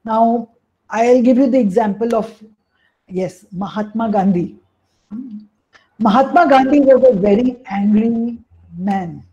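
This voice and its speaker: Lady coach on a webinar call, kinda high mellow voice, lots of "you know" as she explains. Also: measured pace, pauses often, muffled recording. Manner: explanatory, fills with "you know" and "hey, listen". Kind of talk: webinar talk on emotions.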